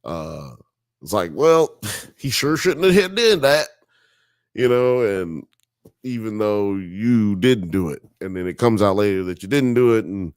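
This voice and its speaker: A man's voice: on the low side, dry recording, studio quality. Profane Southern man, rambling commentary. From Alabama. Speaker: podcast host. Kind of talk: casual commentary on a TV documentary.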